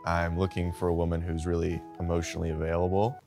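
A man's voice: sits low, flat delivery, fast, vocal fry, darkish tone, faint music behind. A young man cracking jokes and teasing as a contestant on a group dating show. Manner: wisecracking, playful, teasing. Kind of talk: joking group banter.

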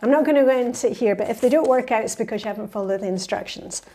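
Woman, fifties, vlogger answering viewer comments, slightly high and mellow voice, chatty and upbeat. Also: racing. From Scotland. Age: 50s. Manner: chatty and enthusiastic, reads viewer comments aloud. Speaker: lifestyle vlogger.

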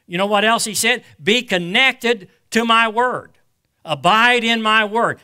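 High, bright-voiced preaching pastor. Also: male voice. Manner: preaches in swells, reading scripture slowly and emphatically; asks the congregation rhetorical questions. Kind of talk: sermon.

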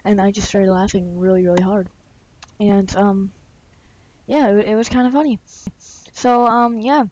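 A woman's voice: medium pitch, steady tone, normal speed, long pauses, dark tone, a little hiss or hum. A woman vlogger telling a story in a casual, chatty way, with many fillers and some laughter. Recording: dull lo-fi recording.

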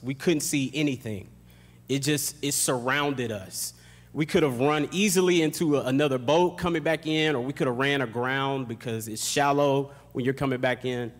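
A young pastor delivers a sermon in a church. His mid-range voice moves from hushed, slow prayer to building intensity, and the sanctuary gives it a long, ringing reverb. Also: mid-range voice. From Florida. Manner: reads scripture, then prays slowly and hushed, then preaches with rising intensity.

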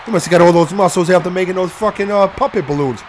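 A man doing excitable, profane play-by-play wrestling commentary on a stream, often shouting and trash-talking the chat. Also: high-pitched, quick pace, a little hiss or hum. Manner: trash-talks the audience and chat.

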